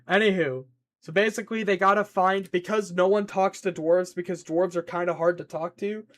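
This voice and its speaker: A man chatting casually on a stream in an excitable, rambling way, reacting to chat and scolding his pet. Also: sits high, moderate pace.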